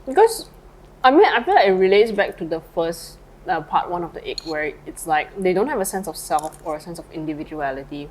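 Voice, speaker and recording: A woman's voice: lowish voice, animated, brisk, darkish tone, a little hiss or hum, low-quality recording. A woman co-hosting a podcast in casual chat, rambling with lots of fillers, eating lunch and a little tipsy as she talks. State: eating while talking, slightly tipsy. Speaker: podcast co-host.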